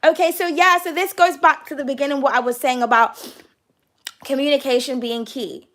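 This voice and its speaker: A young woman with a high voice talks through a tarot reading in a loose, chatty way. She speaks straight to the listener, often calls them "darling" and swears freely. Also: fairly even intonation, normal speed, fairly bright tone. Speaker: tarot card reader.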